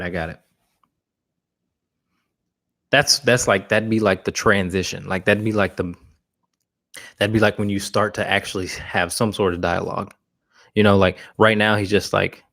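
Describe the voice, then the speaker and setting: A man's voice: lowish voice, vocal fry, fairly bright tone. A man who trains dogs, answering viewer questions in a live Q&A in a blunt, casual way with frequent restarts. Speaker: dog trainer. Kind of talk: live Q&A talk.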